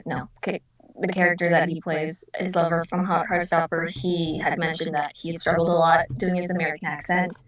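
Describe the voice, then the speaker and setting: Slow, hesitant woman in a roomy space. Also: fairly low pitch. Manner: hesitant, many filler pauses. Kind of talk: casual panel chat. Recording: roomy, distant mic.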